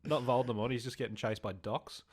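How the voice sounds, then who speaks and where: A man co-hosting a podcast, talking in a relaxed casual way with plenty of fillers and laughing along. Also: medium pitch, brisk, breathy edge. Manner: relaxed, lots of ums and likes, laughs along. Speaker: podcast co-host. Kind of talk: casual chat.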